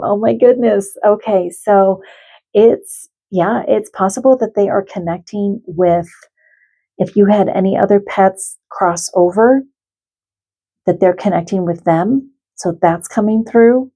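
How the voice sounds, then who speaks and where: A middle-aged woman giving a gentle, heartfelt spiritual card reading as an animal communicator, speaking directly to her viewers. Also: medium pitch, measured pace, rough recording.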